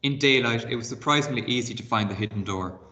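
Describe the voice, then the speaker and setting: A man's voice: mid-range voice, quick pace, bright, forceful tone, slight background noise. A man teaching a primary class by video, reading a novel aloud with expression and stopping to explain words and set reading tasks.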